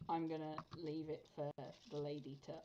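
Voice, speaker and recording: A woman's voice: low voice, completely flat delivery, normal speed. A woman playing a tabletop game, describing her character's actions. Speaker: player. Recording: dull lo-fi mic with faint noise.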